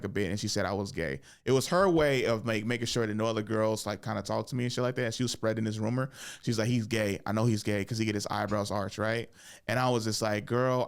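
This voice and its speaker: A young man hosts his own podcast, telling loose, profane stories alone and laughing as he acts out the people in them. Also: fairly low pitch. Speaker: podcast host. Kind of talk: casual storytelling monologue.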